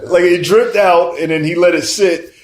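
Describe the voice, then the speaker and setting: A man's voice: high voice, steady tone, normal speed. A man telling a story as a casual podcast co-host, swearing a lot and acting out what people said. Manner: loose storytelling, acts out quotes, swears often. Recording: echoey room.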